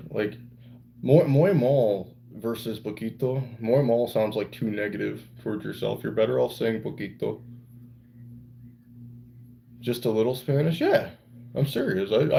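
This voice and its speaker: A man's voice: mid-range voice, creaky, dark tone, slight background noise, rough recording. A man live-streaming and chatting with viewers, rambling playfully and slipping into broken Spanish. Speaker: livestreamer reading chat. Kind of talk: casual live-stream chat.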